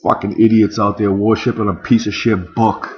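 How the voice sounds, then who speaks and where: A man's voice: fairly low pitch, level tone, moderate pace, lo-fi sound. A man in an angry, profane rant, firing off rhetorical questions. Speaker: vlogger.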